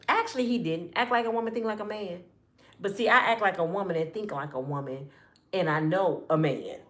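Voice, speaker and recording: A woman telling a personal story in casual slang, often addressing listeners as y'all and acting out what people said, dropping to a hush or rising with feeling. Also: mid-range voice, a little fast. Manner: animated, acts out quotes with hushed and raised voices. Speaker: storyteller speaking to her audience.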